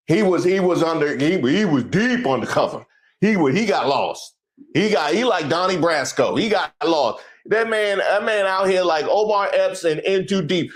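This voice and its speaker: Animated joking male commentary host. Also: sits high, normal speed. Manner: animated, joking, breaks into song and laughter; slangy, casual. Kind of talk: comedic news commentary.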